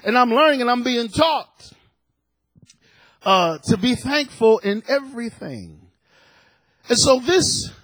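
High-voiced emphatic preacher in his fifties. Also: dry recording. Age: 50s. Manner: emphatic, repeats words, rising to shouts. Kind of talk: sermon.

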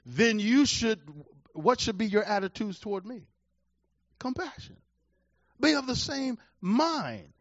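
A pastor with a high-pitched male voice preaches with force, repeating his points and rising from hushed to loud. The sound is dry, with no room echo, and slightly dull and muffled. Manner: emphatic preaching, repeats key phrases, swings from quiet to loud. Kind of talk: sermon.

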